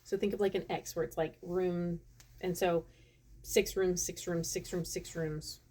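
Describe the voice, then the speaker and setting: A woman in her thirties, talking straight to camera as a vlogger, in a casual storytelling voice. Her delivery is chatty and animated. She often breaks off mid-sentence and starts again. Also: lowish voice, a little slow. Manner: chatty, animated, self-interrupting.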